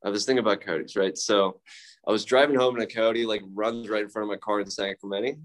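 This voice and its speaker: A young man with a slightly low voice shares his story at a recovery meeting. He talks casually and candidly. He swears freely, pokes fun at himself, and leans on fillers like "uh" and "like". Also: steady tone, fast. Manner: candid, profane, self-mocking, with frequent fillers. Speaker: speaker sharing at a recovery meeting.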